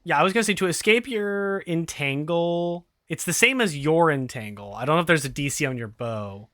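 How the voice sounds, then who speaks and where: Bright-voiced man running a tabletop game. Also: on the high side, animated, a little fast, no room sound. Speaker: game master.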